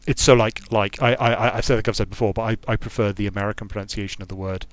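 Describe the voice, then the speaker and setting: A British game designer streams himself playing a strategy game, offering casual, digressive commentary as he muses aloud. His voice is lowish and steady in tone, he talks fast, and the recording has no echo.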